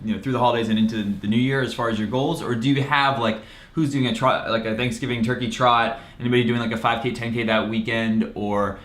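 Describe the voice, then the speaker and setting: Fast-talking man hosting a live stream. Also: medium pitch, fairly even intonation, fairly bright tone. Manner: quick, chatty, asks the audience questions. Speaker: host of a running show. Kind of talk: casual live-stream chat. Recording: roomy echo.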